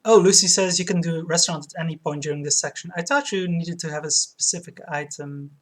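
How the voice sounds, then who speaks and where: A woman's voice: low-pitched, steady tone, brisk. A woman chatting through a let's play, giggling and reading viewers' messages aloud. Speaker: streamer. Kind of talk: let's play game commentary.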